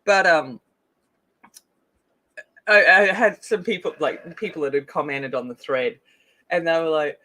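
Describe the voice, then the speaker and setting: A woman's voice: sits low, measured pace, pauses often, bright, forceful tone. A middle-aged woman from North Queensland with an Australian accent, chatting casually while colouring, giggly and rambling with lots of fillers. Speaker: colouring channel host.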